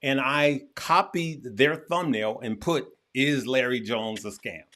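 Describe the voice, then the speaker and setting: Hosting a livestream, a man chats casually in a mid-range voice, slow-paced, pushed and bright. He speaks emphatically and repeats himself, often restarting, offering heartfelt encouragement with a preacher-like feel.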